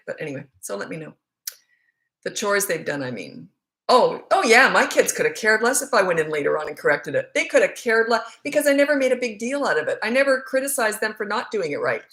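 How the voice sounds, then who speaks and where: A woman's voice: mid-range voice, a bit bright, reverberant. A middle-aged woman parenting coach answering questions in a casual, candid live Q&A, often laughing. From Canada. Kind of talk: casual livestream Q&A.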